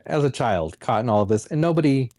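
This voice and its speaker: A man hosting a casual comedy podcast, ranting in an animated, mocking way and laughing often. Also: medium pitch, moderate pace, no room sound. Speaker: podcast host.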